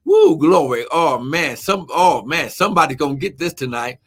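A man's voice: a little high, moderate pace, a bit bright, husky. A man preaching a live-streamed sermon, fervent and full of "amen" and "glory" exclamations, who talks to viewers while looking up his verses.

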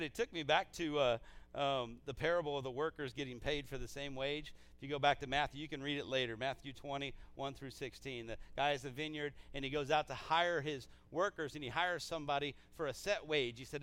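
A man pastor preaching a sermon in a church, casual and energetic, with frequent restarts. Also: on the high side, brisk. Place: church sanctuary.

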